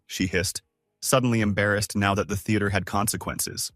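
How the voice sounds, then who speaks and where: A man's voice: lowish voice, steady tone, normal speed, a bit bright, no echo, clean studio sound. A man narrating a first-person story with a scripted, dramatic delivery.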